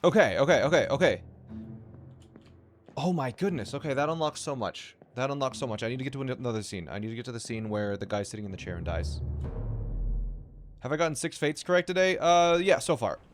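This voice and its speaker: Excitable man thinking aloud. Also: medium pitch, a little fast, faint music behind. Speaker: streamer. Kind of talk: live gameplay commentary.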